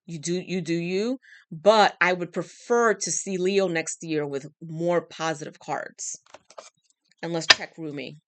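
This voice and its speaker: A woman's voice: on the low side, measured pace, fairly bright tone, no echo. A woman giving a channeled tarot reading, talking straight to the listener in an emphatic, coaxing way, her throat dry. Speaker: tarot reader.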